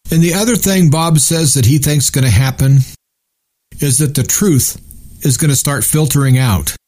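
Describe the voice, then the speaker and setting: Husky-voiced man hosting talk radio. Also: medium pitch, warm tone. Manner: earnest, opinionated, run-on delivery. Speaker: guest radio host.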